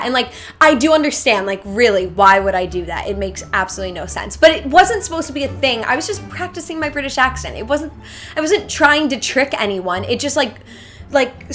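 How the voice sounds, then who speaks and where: A young woman vlogger telling a casual storytime to her viewers, chatty and full of "like", animating the retelling. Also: on the high side. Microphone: seated to camera.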